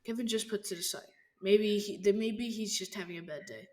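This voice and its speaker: A woman casually telling a story, halting and rambling with lots of fillers and restarts. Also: mid-range voice, a little mellow. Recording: faint background noise.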